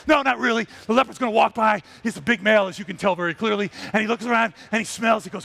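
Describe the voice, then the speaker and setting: High, fast-talking excitable man. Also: vocal fry. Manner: excitable, exclaiming, dramatic. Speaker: wildlife photographer presenting. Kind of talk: animated live storytelling talk. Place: stage at a large trade show.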